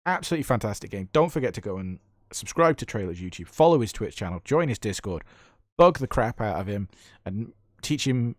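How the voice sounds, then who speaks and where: A man's voice: fairly low pitch, expressive, fairly quick, no echo, clean studio sound. A British man giving enthusiastic, chatty commentary over a gameplay replay as a gaming YouTuber.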